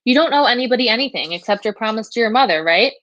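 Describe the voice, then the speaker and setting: A woman's voice: fairly high pitch, lively intonation, racing, a bit bright, no room sound, rough recording. A woman reading as a coaxing woman detective. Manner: coaxing, persuasive.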